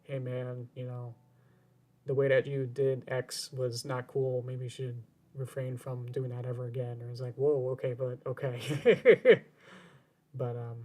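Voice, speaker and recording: A man's voice: mid-range voice, completely flat delivery, a little slow, a little mellow. A man game streamer talking casually on his stream, rambling and circling back, often repeating his words as he goes.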